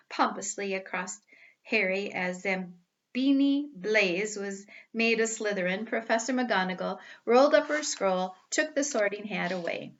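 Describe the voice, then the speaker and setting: A woman reading a storybook aloud with careful, expressive delivery. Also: mid-range voice, a little slow, lo-fi sound.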